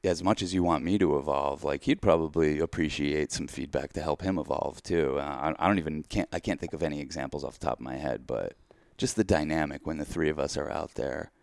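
A man's voice: a bass voice, fairly quick, creaky, few pauses, a little mellow, no echo. A man co-hosting a podcast, talking candidly in a rambling, self-deprecating way. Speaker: podcast co-host. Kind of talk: casual chat.

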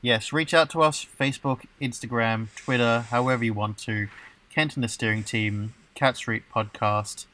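A man with a bright, forward voice hosts a relaxed podcast chat. He rambles playfully, and his talk is full of fillers and restarts. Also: medium pitch, moderate pace. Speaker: podcast host.

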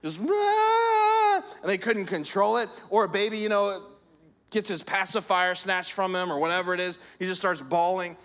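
Pastor guy preaching, chatty sermon, high voice for a man, acts out little bits. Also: fairly even intonation, moderate pace, fairly bright tone. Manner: conversational preaching with acted-out anecdotes.

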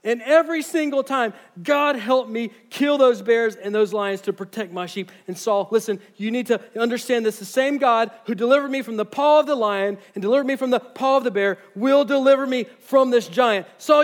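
A man's voice: extremely high pitch, normal speed, hardly any pauses, pitched above the performer's own voice. A man voicing a bold teenage shepherd boy who talks earnestly and emphatically. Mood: pleading.

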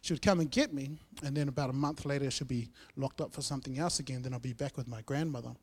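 A man's voice: mid-range voice, fast, breathy edge. Earnest New man giving testimony. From New Zealand. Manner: earnest, heartfelt storytelling with loud and soft swings. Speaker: guest speaker sharing testimony. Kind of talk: church testimony.

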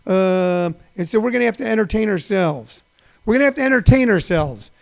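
Gravelly high-voiced older comedian rambling. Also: male voice, expressive, fairly quick. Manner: rambling and repetitive, with many fillers; folksy, encouraging. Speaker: comedian hosting a daily online show. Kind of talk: rambling livestream monologue.

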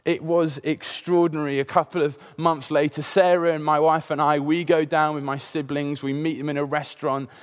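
A man's voice: fairly high pitch, level tone, normal speed, few pauses. A man in his thirties preaching a sermon, opening with a personal story in a conversational way and many filler sounds.

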